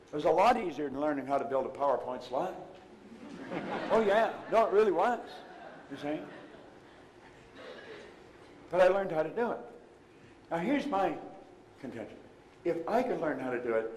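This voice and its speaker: A man's voice: a little high, a little hiss or hum. Emphatic older man speaking in a hall. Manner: emphatic, swings from loud to hushed. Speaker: motivational speaker. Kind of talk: live seminar talk. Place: seminar room before an audience.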